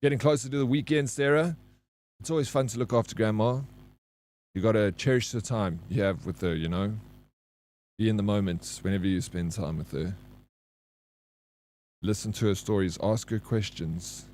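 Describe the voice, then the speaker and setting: A man's voice: lowish voice, normal speed, long pauses, darkish tone, slight background noise. Rambling South African streamer man. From Johannesburg, South Africa. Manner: loose and rambling, reads chat aloud, laughs easily. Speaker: live streamer. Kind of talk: casual chat with viewers.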